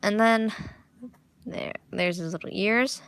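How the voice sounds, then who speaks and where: Drawing in her living room, this young art vlogger keeps up a rambling, self-mocking chat full of restarts. Her mid-range voice is smooth and a bit bright, and she takes it slowly.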